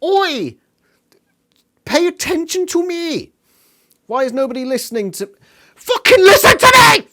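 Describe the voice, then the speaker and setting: A man's voice: very high voice, very animated, unhurried, long pauses, voice pushed up, exaggerated voice. A man voicing a frustrated teenage girl who screeches because nobody listens to her. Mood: screeching. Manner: screeching, yelling at the top of the lungs. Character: shrieking frustrated teenage girl ignored by all.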